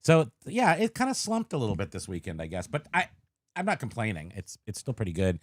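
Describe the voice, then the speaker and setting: A man co-hosting a podcast in casual chat, sleepy and joking in a deadpan way. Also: fairly low pitch, fairly quick, no room sound, clean studio sound. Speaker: podcast co-host.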